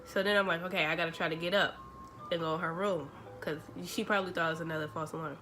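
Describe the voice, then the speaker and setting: A young woman, telling a story to her vlog audience in a chatty, animated way, acting out the dialogue. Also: deep voice, fast talker, music in the background. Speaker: vlogger. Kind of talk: casual storytelling.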